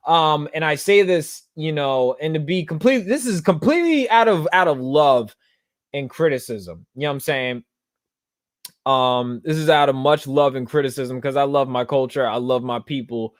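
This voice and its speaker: A man hosting a solo podcast, talking earnestly and casually, often filling pauses with "you know what I'm saying.". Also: a little high, no echo, clean studio sound. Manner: earnest, conversational, full of fillers. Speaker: podcast host.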